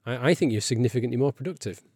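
A man's voice: medium pitch, racing, a little mellow, dry recording, clean studio sound. A man hosting a podcast in casual chat, rambling with frequent restarts and asides. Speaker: podcast host.

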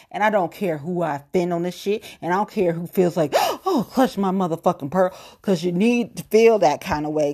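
A woman delivering a heated, blunt and profane rant to camera, scolding and cursing throughout. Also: fairly low pitch. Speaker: commentator.

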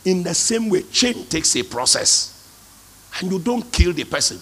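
A man's voice: high voice, sing-song, moderate pace, a bit bright. A male pastor preaching a sermon, emphatic, calling out to the congregation for responses. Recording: long hall reverb.

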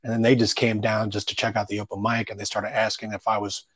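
Laid-back, profane male comic, low voice. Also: level tone, fast talker, a bit bright, breathy edge, no room sound. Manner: loose, rambling, profane, heavy on fillers. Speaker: stand-up comedian. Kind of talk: casual storytelling interview.

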